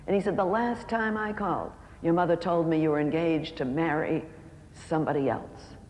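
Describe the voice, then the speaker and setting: A speaker telling a heartfelt story in a sermon, slowing down to let key lines land. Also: mid-range voice, steady tone, a little mellow. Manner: heartfelt storytelling, slows for emphasis. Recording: echoey hall with faint background noise.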